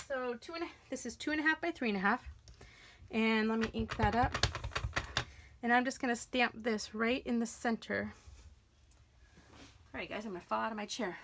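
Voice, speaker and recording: A woman's voice: a little high, a bit bright, a little hiss or hum. A woman talking casually through a card-stamping tutorial, thinking aloud as she works. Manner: chatty, self-talking while working. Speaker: stamping demonstrator.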